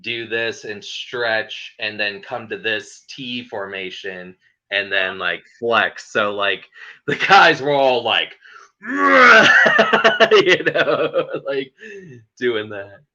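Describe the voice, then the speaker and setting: A man's voice: medium pitch, lively intonation, very slow, sharp tone. A man hosting a casual interview chat, rambling with lots of fillers and laughing often as he talks. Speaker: host. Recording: muffled lo-fi audio.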